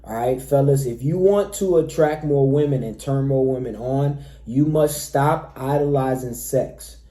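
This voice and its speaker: A man's voice: mid-range voice, measured pace, mellow, reverberant. A man giving dating advice to men, emphatic, addressing his listeners again and again as fellas. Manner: emphatic, repeatedly says "all right, fellas". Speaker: dating coach. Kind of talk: direct-to-camera advice talk.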